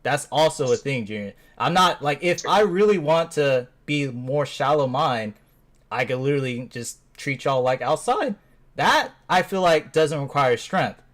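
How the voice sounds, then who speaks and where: A man's voice: a little high, animated, unhurried, a bit bright. A man in a casual gaming voice chat, explaining his feelings earnestly, rambling with lots of fillers. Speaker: gamer in a voice chat.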